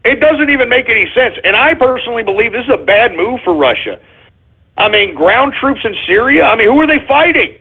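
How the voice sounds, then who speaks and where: A combative male talk radio host delivers a profane, sarcastic political rant. His voice sits high for a man. The audio is narrow and phone-like, as if it came down a telephone line. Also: sing-song, brisk, creaky, slightly rough.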